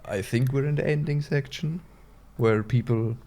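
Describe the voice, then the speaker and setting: A man's voice: mid-range voice, moderate pace, warm tone. Dry, teasing man with a German accent. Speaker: podcast co-host. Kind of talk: casual podcast chat.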